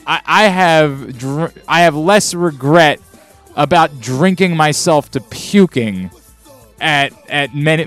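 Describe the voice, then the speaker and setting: A man's voice: medium pitch, fairly bright tone. A man hosting a podcast in casual chat, rambling and exasperated, often restarting his sentences. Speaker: podcast host.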